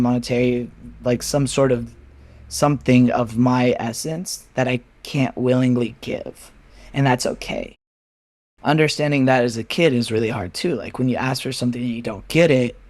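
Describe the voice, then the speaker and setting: A candid man in an unhurried podcast chat, mid-range voice recorded close and dry. He talks frankly and swears casually, slipping into animated impressions of his friends as he tells stories. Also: mid-range voice, dry recording. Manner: animated storytelling, acting out friends' replies. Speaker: podcast guest. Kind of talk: candid personal conversation.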